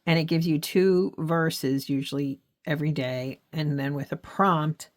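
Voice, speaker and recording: Slow-talking middle-aged woman, earnest. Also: sits low, fairly even intonation. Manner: earnest, frank, halting with frequent restarts. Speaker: faith and journaling channel host. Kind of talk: casual talk to camera.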